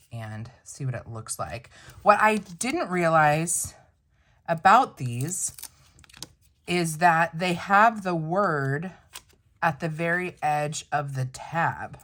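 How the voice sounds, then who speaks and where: A woman's voice: low-pitched, fairly bright tone. A woman vlogger chatting casually to camera while unboxing stationery, thinking aloud with little self-questioning asides.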